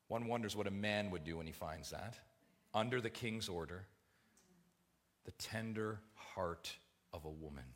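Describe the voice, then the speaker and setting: Bright-voiced, emphatic preacher man. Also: on the low side. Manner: emphatic, swinging from hushed to loud; repeats phrases for emphasis. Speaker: pastor. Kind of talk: sermon.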